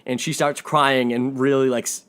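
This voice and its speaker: Excitable man recapping a movie. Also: medium pitch, normal speed, clean tone. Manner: enthusiastic, rambling, many restarts. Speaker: movie reviewer. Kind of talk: casual spoiler recap.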